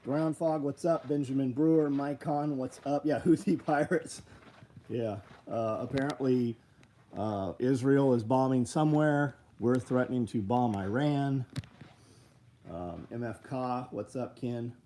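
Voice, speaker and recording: Hosting a laid-back livestream, this man talks bluntly and profanely, drifting between reading viewers' names and promoting equipment. His voice is mid-range and dark, his pace measured, with slight background noise.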